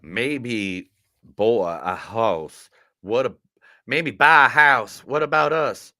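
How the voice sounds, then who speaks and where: A man putting on a Southern accent to play assorted rough small-town movie characters, drawling his line readings. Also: medium pitch, takes it slowly, bright, forceful tone, dry recording, studio quality. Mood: brash. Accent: Southern US put-on.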